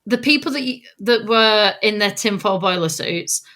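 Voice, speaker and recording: A woman's voice: mid-range voice, lively intonation, normal speed, a bit bright. A woman co-hosting a podcast, chatting casually and enthusiastically, often giggling. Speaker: podcast co-host. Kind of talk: casual chat.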